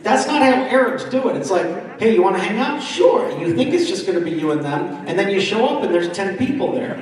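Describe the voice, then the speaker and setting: A man's voice: high voice, lively intonation, a little fast, recorded from a distance. Chatty stand-up comic man in echoey hall. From East Coast of the United States, around Washington, D.C. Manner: chatty crowd work, often asking the audience questions. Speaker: comedian. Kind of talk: stand-up comedy.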